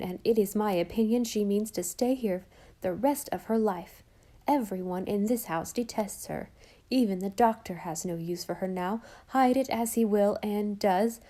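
A fretful housekeeper, read by a woman, pours out her woes in a mellow, warm voice. She talks solemnly and imploringly, making every grievance sound dramatic. It is an audiobook character voice. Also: mid-range voice, lightly acted.

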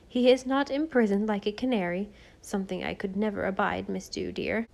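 A woman voicing a stern, fussy older housekeeper in an audiobook, speaking in a deliberate, scolding way. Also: mid-range voice, darkish tone, close to an everyday voice. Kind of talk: audiobook character voice.

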